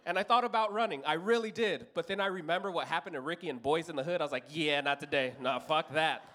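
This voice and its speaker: A man's voice: sits high, very fast, a bit bright. A man from Los Angeles in his thirties telling a profane stand-up story on a comedy club stage, acting out other people's voices.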